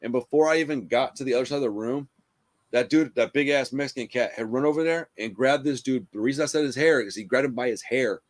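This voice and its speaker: A man, hosting a casual chat and telling a rough story in a profane, animated way, full of "bro" and "dude.". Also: medium pitch, fast. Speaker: podcast host.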